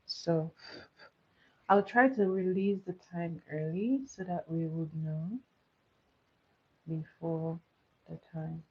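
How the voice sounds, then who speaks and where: A woman's voice: low voice, fairly even intonation, slow, long pauses, slightly rough, dull audio. A woman chatting casually on a livestream while doing her makeup, reading viewer comments and running playful votes.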